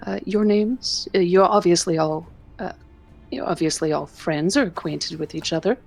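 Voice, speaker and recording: A woman voicing a refined, courteous tea merchant who speaks formally and a little hesitantly. Her voice is fairly low for a woman, with soft music behind. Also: normal speed, vocal fry.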